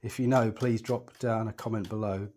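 A low-leaning, slightly mellow male voice moves at a moderate pace with fairly even intonation, and a bit of background noise can be heard. He's presenting a hands-on telescope setup tutorial, explaining each step as he works in a chatty, reassuring way while often thinking aloud.

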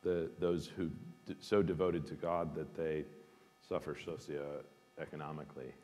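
A man with a very low voice gives an informal talk, thoughtful and emphatic, often pausing on fillers and restarting his phrases. His voice carries a long reverb, as in a large hall. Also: flat delivery, mellow, soft background music. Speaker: guest speaker, seminary dean. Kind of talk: informal lecture with questions.

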